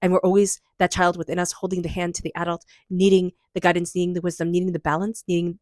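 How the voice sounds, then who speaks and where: A woman's voice: lowish voice, level tone, quick pace, darkish tone, no room sound, studio quality. A woman giving an intuitive tarot reading in an emotional, earnest and encouraging way. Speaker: tarot reader.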